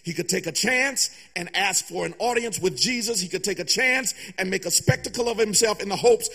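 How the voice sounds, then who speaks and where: A man's voice: sits high, fairly quick, pushed and bright, husky, long reverb tail. A man pastor preaching a sermon, emphatic, repeating phrases and sometimes half-singing. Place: church sanctuary.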